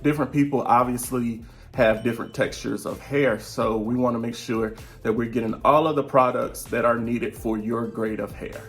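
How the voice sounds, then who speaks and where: Seated at home, a vlogger and virtual teacher in his thirties gives his viewers a casual update, chatting, drifting off topic and often laughing mid-sentence. His mid-range voice is steady and fairly bright at a normal speed, with faint music in the background.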